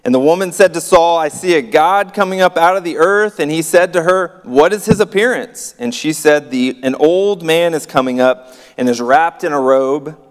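A man's voice: on the high side, moderate pace, smooth, long reverb tail. A man giving a sermon, reading scripture aloud and breaking off for conversational, wry asides. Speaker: pastor.

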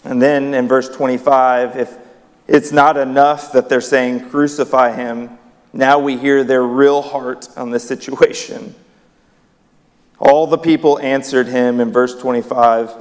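A man's voice: medium pitch, fairly even intonation, a little slow. A man preaching a sermon in a church hall, emphatic, his voice rising on key words. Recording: long reverb of a hall.

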